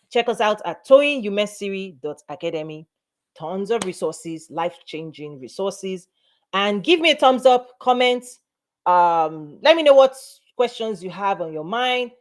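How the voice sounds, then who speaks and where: A middle-aged woman, a business and mindset coach, giving a motivational talk to camera in an emphatic manner, repeating phrases for emphasis. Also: mid-range voice.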